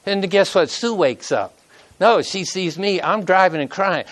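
A man's voice: high voice, animated, a little slow. A middle-aged man preaching a sermon, telling a personal story with emotion and reading scripture aloud in an earnest way.

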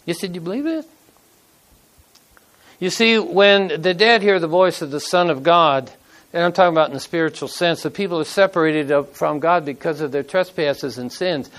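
High-voiced folksy preacher man. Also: normal speed, fairly bright tone. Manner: folksy, conversational, acts out quotes. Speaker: pastor. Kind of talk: casual sermon storytelling.

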